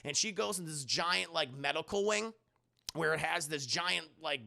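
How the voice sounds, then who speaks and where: Male streamer, casual profane film recap, bright edgy tone, talks to chat. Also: fairly high pitch, moderate pace, creaky. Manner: profane, rambling, keeps addressing chat.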